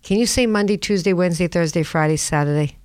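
A woman's voice: on the low side, quick pace, darkish tone, no echo. Boston-accented woman host, brash and jokey, dry studio sound, casual talk. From Boston area. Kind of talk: casual talk-show chat. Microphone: studio mic.

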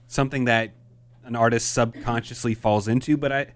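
An easygoing man guiding a relaxed podcast conversation, calling on each friend in turn. His voice sits at a middling pitch, and he keeps the chat moving along. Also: moderate pace, smooth. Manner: easygoing, moderating the round-robin. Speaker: podcast co-host leading the rankings.

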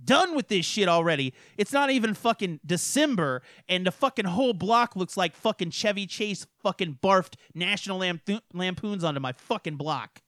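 A man's voice: high voice, expressive, normal speed, hardly any pauses, a bit bright, no room sound, studio quality. A man co-hosting a podcast, ranting and swearing in crude casual chat, laughing often. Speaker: podcast co-host.

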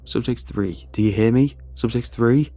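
A man's voice: lowish voice, moderate pace, warm tone, husky, soft background music. A man doing a cold, commanding head doctor. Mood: alarmed. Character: cold, controlling male lead doctor.

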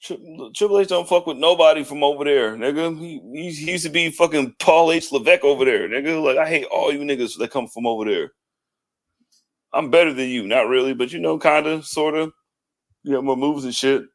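A man's voice: on the high side, brisk. A man co-hosting a wrestling podcast in casual chat, ranting and joking with lots of swearing. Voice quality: loud, swearing, joking rants. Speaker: podcast co-host.

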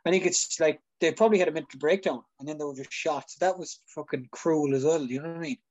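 A man's voice: a little high, quick pace, darkish tone, muffled recording. A man chatting casually as a podcast co-host, blunt and swearing, often checking that he's understood. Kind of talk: casual chat.

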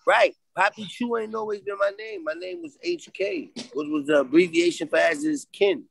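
A man's voice: high voice, sing-song, normal speed, creaky, a bit bright, slightly rough, no room sound, rough recording. A man with a Brooklyn New York accent, a podcast guest on a video call, talking in a streetwise, emphatic way and keeping on asking if you follow him. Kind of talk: casual interview talk.

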